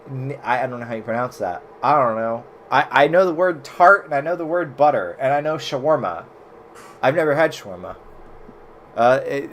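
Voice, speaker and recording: An American man casually commenting while playing old browser games for his stream chat, swearing and reacting loudly as he plays. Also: medium pitch, slight background noise. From United States.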